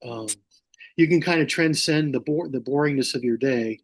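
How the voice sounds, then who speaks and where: A man talking as a guest on a podcast, speaking haltingly with frequent restarts, grew up in Mississippi. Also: medium pitch. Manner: halting, many restarts, laughs often. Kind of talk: casual podcast conversation.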